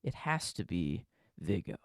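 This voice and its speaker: A man's voice: deep voice, big pitch swings, a little slow, no echo, studio quality. A man co-hosting a podcast, talking about a movie in a loose, rambling way full of restarts. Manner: rambling, many restarts and "you know". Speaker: podcast co-host. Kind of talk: casual movie discussion.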